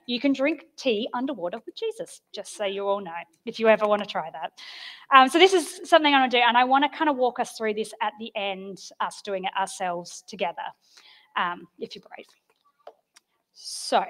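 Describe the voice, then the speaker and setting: A woman giving an informal, chatty sermon, telling stories with gentle humour. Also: fairly high pitch. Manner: chatty and storytelling, with soft self-deprecating humour. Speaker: preacher.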